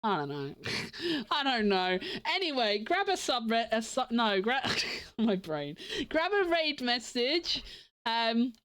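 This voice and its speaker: A woman winding down a live stream, sleepy and yawning, her fairly high voice bouncing around a lot. She chats loosely, laughs often and keeps restarting her sentences. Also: sing-song, slow, fairly bright tone. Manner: giggly, rambling with frequent restarts. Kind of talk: casual stream chat.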